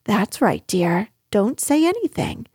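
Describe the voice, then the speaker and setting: A woman's voice: mid-range voice, sing-song, takes it slowly, a little mellow, breathy edge, no echo, clean studio sound, heavily acted. A woman voicing a motherly female kangaroo in a storybook reading, soothing but firm.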